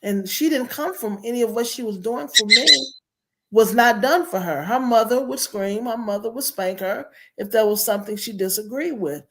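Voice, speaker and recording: A woman's voice: on the high side, moderate pace. A middle-aged woman guest telling her childhood story in an earnest, reflective way. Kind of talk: personal storytelling.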